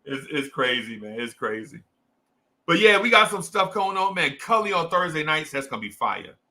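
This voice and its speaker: On a laid-back sports livestream, a young Jersey-accented host chats with fans in a sing-song, high-leaning voice. He keeps a moderate pace, sounds pushed and bright, and leans on slang, repeated phrases, and hype.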